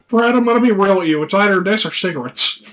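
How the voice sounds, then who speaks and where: A man doing an impression of a goofy young male cartoon slacker, whiny and yelling in a panic. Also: sits high, fast, faint music behind, rough recording. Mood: candid.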